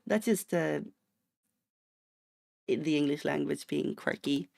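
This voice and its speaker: A Swedish streamer with a Swedish accent chats casually and playfully while gaming, his voice high with vocal fry and a darkish tone, and his pace slow. He tends toward rambling asides and bursts of mock indignation.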